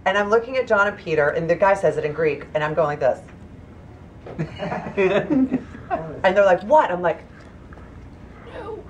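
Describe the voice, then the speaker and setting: A woman in her thirties telling a story in an animated way, often slipping into other people's voices and laughing as she goes. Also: on the low side, moderate pace, long pauses, lo-fi sound, a little hiss or hum. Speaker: author telling an anecdote.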